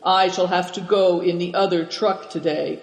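A man's voice: high voice, steady tone, normal speed. A man voicing a self-important, grumbling male frontier colonel in a storybook reading, stiff and formal. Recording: echoey room with long reverb.

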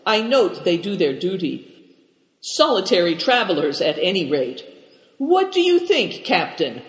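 A man doing a loud, boastful bandit chief. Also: high voice, very animated, unhurried, roomy sound, long reverb tail. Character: bold, loud male bandit chief in disguise.

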